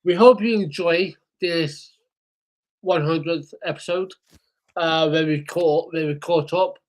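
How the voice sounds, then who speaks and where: Man, podcast co-host, fairly high voice, very slow, halting, agreeable, remote call. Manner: halting, agreeable, many fillers. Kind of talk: casual chat.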